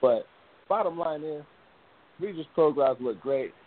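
A man's voice: fairly high pitch, animated, measured pace. A man hosting a casual boxing talk show, rambling with frequent restarts and easy laughter. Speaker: boxing podcast host. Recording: tinny phone-like audio.

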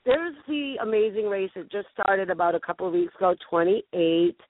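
A woman's voice: mid-range voice, animated, normal speed, no room sound. A woman with a Boston accent hosting a call-in interview, chatty and teasing. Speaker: radio show host. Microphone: phone. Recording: tinny phone line.

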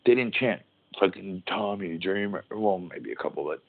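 A deep-voiced middle-aged man chats casually on a podcast. He rambles, swears often and breaks off mid-thought. The audio is narrow and tinny, like a phone call. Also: animated, normal speed, gravelly. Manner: rambling, profane, restarts mid-sentence. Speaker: podcast host, former pro wrestler. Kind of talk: casual chat.

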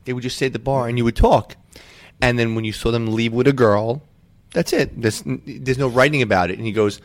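A man's voice: mid-range voice, fast talker. A man hosting a podcast, talking casually in an enthusiastic, rambling way. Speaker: podcast host. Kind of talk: casual chat.

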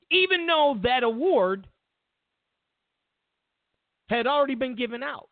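This is a man's political commentary show, where the host mocks people and performs their words in silly voices. He sounds very high-pitched with lively intonation, talking a little slowly and leaving long pauses. The dry recording has a phone-quality sound.

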